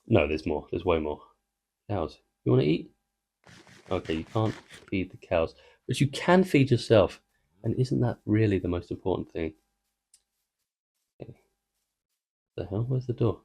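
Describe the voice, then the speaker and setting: A man's voice: low voice, lively intonation, a little slow, gravelly, long pauses, dark tone, slightly rough. A man giving casual, rambling commentary while playing a video game, trying to tell a joke and interrupting himself. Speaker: gaming video creator. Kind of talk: casual let's-play commentary.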